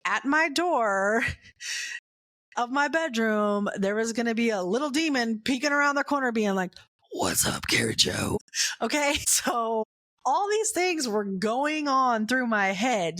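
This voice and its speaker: A woman hosting a faith podcast, telling a personal story in a chatty, animated way, full of "right?" and "like", going hushed at the scary parts. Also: a little high, slow. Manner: chatty, animated, filler-heavy with frequent "right?" and "like"; drops to a hushed voice when retelling scary moments. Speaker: podcast host. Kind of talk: casual faith storytelling monologue.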